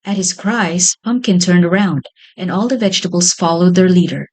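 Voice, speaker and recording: A woman's voice: fairly low pitch, moderate pace, darkish tone, low-quality recording. Woman reading a children's story.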